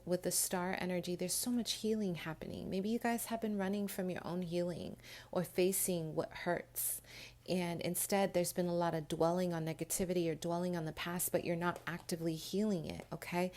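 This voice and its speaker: A woman's voice: on the low side, a little mellow. Earnest, emotional tarot reader woman. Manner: earnest, emotional, addresses viewers as "you guys"; frequent restarts and fillers, pauses mid-thought. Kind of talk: pick-a-card tarot reading.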